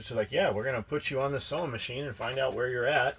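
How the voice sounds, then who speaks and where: A man's voice: mid-range voice, fast, fairly bright tone, slight background noise. Blunt, profane man on a podcast. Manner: blunt, profane, acts out dialogue. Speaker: podcast co-host. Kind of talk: casual storytelling chat.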